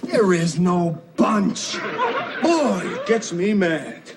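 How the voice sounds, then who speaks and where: A man's voice: high voice, animated, extremely slow, vocal fry, exaggerated voice. An actor playing a touchy young man who acts like an Italian mobster in a sitcom, throwing in Italian phrases. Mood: indignant. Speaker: stepson. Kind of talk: sitcom acting. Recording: noisy old sitcom recording.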